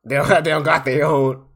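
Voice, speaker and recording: A man's voice: on the high side, little pitch movement, normal speed, gravelly. A man streaming live and reacting to a clip in casual, profane commentary, exasperated and repeating himself. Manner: exasperated, repetitive, profane, swings loud and soft.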